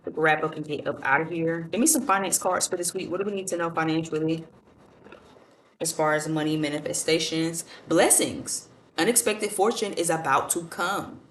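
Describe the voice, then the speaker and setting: Deep-voiced woman, tarot reader, blunt and cussing, roomy echo, mic far off. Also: slight background noise. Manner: blunt, profane, motivational. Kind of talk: casual tarot reading monologue.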